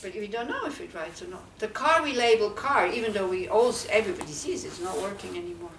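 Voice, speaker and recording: A woman's voice: medium pitch, expressive, quick pace, fairly bright tone, slight background noise. A woman, a Buddhist nun, giving a conversational dharma talk to a small group, asking them question after question. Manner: questioning, conversational, many "you know"s. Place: teaching centre room. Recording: echoey room, speaker far from mic.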